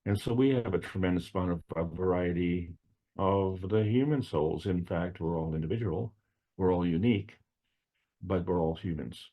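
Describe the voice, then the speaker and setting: A man's voice: sits low, moderate pace, muffled recording. A man giving an unscripted spiritual lecture, meandering and repeating phrases, often posing rhetorical questions.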